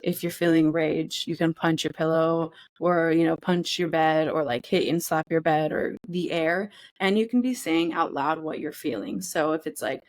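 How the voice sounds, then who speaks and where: A woman's voice: deep voice, fairly quick, a little mellow, no room sound. A woman co-hosting a podcast in casual chat, candid and profane, acting out feelings in quoted voices. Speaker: podcast co-host.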